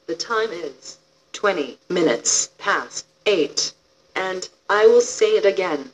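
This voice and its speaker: A woman's voice: lowish voice, expressive, slow. A machine woman's voice serving as a talking clock and station identifier, scratchy, making playful announcements. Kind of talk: synthetic announcements and scripted chat. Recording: dull lo-fi speaker playback with faint noise.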